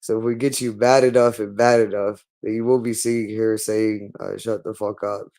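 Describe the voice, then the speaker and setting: A man's voice: fairly low pitch, little pitch movement, normal speed, a little mellow. A man speaking in a hostile, repetitive monologue, berating someone and swearing constantly. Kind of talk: angry monologue.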